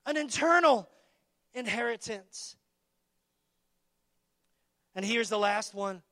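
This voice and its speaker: High, bright-voiced emphatic preacher man. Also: lively intonation, slow, pauses often, dry recording, studio quality. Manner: emphatic, repetitive call-and-response preaching. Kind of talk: sermon.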